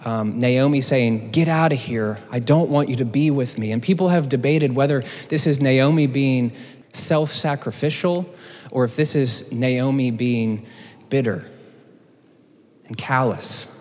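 Male preacher, casual teaching tone with jokes, mid-pitched voice, long hall reverb. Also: unhurried, a little mellow. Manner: conversational, joking asides. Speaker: teaching pastor. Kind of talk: sermon teaching.

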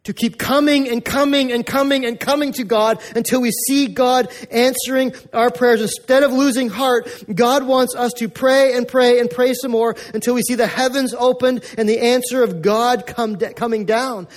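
A man's voice: extremely high pitch, fairly even intonation, moderate pace, few pauses. A male pastor from North America giving a conversational, emphatic sermon with lots of repetition.

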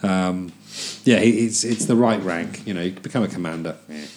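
A man's voice: sits low, normal speed, darkish tone. A man chatting casually as a player in a tabletop game, rambling with many ums. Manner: rambling, self-amused, lots of ums.

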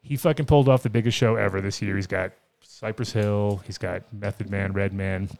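A man's voice: on the low side, steady tone, brisk, creaky, darkish tone. A man hosting a casual talk show, loose and profane, often laughing as he chats. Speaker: host. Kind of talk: casual chat.

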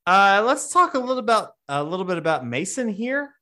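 A man's voice: high voice, brisk. Opinionated man in casual comics chat. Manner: opinionated, animated complaints. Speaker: podcast co-host discussing comics.

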